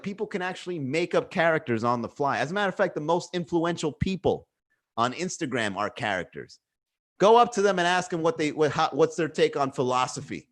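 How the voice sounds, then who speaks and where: Rambling, musing man on a casual podcast. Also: on the high side. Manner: rambling, musing, swears freely, many fillers. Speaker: podcast host. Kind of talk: casual solo podcast monologue. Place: indoors at home.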